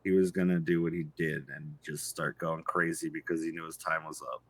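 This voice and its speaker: A man playing a calm therapist in a roleplay, speaking gently and hesitantly with frequent restarts. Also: a bass voice, a little fast, dry recording, heavily acted. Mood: earnest, halting. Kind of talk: GTA roleplay stream acting.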